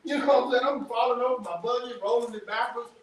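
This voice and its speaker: A man giving an animated testimony talk to a workshop audience, telling stories in casual vernacular. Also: very high voice, fast talker. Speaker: workshop speaker. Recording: echoey room, distant mic, background noise.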